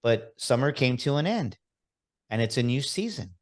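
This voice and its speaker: A man's voice: medium pitch, very animated, normal speed. A man hosting a motivational podcast, talking straight to his listeners with energy and a preaching tone. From Texas. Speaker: podcast host.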